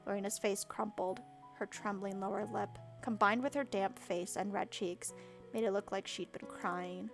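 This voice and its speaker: A woman streamer reading a visual novel aloud with expressive, self-mocking asides. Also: medium pitch, moderate pace, vocal fry, faint music behind. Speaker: let's play streamer.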